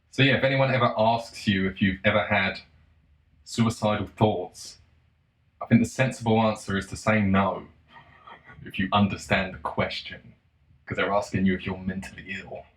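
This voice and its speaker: A man in a casual monologue, profane and sarcastic, breaking into mocking shouts. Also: lowish voice, steady tone, moderate pace, long pauses. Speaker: solo commentator. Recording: roomy echo.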